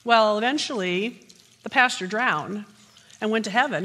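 A woman's voice: mid-range voice, moderate pace, a bit bright. A woman pastor preaching a sermon, opening with jokes and then teaching steadily. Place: church sanctuary. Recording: long church hall reverb.

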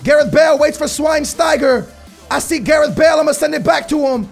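Excitable young man yelling over gameplay. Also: extremely high pitch, brisk, gravelly, soft background music. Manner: excitable, shouting at the game, slangy. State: voice strained. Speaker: gaming YouTuber. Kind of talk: live gameplay commentary.

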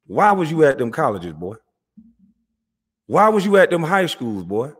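A man's voice: fairly high pitch, big pitch swings, measured pace, slightly rough. A man hosting his own channel, delivering a heated, confrontational monologue in street slang. He mocks listeners and repeats himself as he calls them out. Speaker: channel host.

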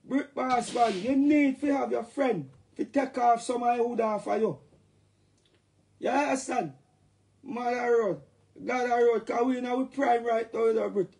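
A man's voice: extremely high pitch, steady tone, unhurried, vocal fry, a little mellow. A middle-aged man with a Jamaican accent, talking in patois on a casual, joking livestream rant.

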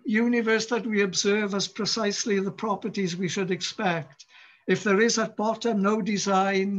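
A man preaches a sermon, his voice high for a man and his delivery slow and deliberate. He repeats phrases for weight and lets dramatic pauses hang. The church recording sounds dull and lo-fi. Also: fairly bright tone. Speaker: pastor.

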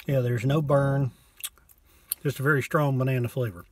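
A man casually reviewing a bottle of rum from inside his parked truck, talking in a folksy, low-key way and cussing now and then. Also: steady tone, moderate pace, dry recording. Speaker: vlogger reviewing liquor.

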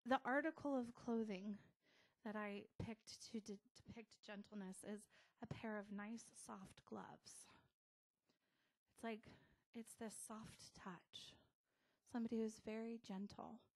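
A middle-aged American woman pastor giving a casual, conversational sermon with soft asides. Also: on the high side, steady tone, unhurried.

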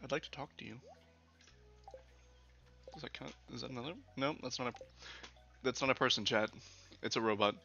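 A man streaming a let's play talks fairly quickly in a mid-range voice with vocal fry, a bright, forceful tone, and frequent pauses. He banters with his chat and swears casually. His older desk mic yields dull lo-fi audio, and game music plays faintly.

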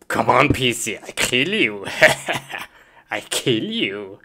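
A low-pitched woman with a voice that leaps up and down, drawling slowly through a comedic skit. She exclaims often and speaks simple, non-native English. Steady noise and clicks run under the recording. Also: creaky. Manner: excitable, with frequent exclamations and laughs. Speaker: sketch performer. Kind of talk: comedic live-action skit.

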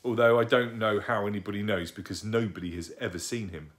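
A man's voice: on the low side, steady tone, brisk, a bit bright, natural voice. A man reading aloud and voicing a chatty, bossy little girl who explains things eagerly. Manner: eager, explaining, matter-of-fact.

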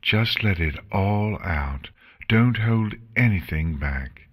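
A man voicing a gentle, motherly female pony princess in an audiobook, soft-spoken and soothing. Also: deep voice, lively intonation, slow pace, husky, dry recording, studio quality, full character voice. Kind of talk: audiobook character voice.

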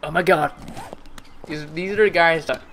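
A young man chatting excitedly while playing a game with friends, often exclaiming. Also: on the high side, normal speed, a loud crowd. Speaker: gamer. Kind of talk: casual gameplay chat. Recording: noisy recording.

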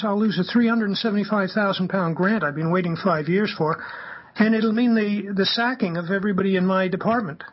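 High-voiced husky man telling a story. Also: fairly quick, dull audio. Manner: animated, acts out quoted dialogue. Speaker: guest, campaigner. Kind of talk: anecdotal storytelling on a radio talk show.

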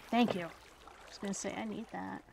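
This woman hosts gaming videos and narrates her play in a relaxed way, talking both to herself and to the game, now and then falling to a whisper. Her voice is medium in pitch with vocal fry, moving at a moderate pace. There's loud music in the background and a slight hiss or hum.

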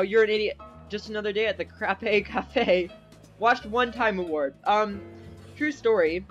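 A man's voice: sits high, fairly bright tone, muffled recording. Giggly young man doing game commentary. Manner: goofy, giggly, reads in-game chat aloud. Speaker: gaming YouTuber.

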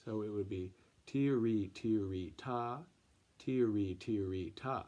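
A man's voice: fairly low pitch, slow pace, dark tone, lo-fi sound. A man teaching an elementary music class, counting in and chanting rhythm syllables for the children to clap along.

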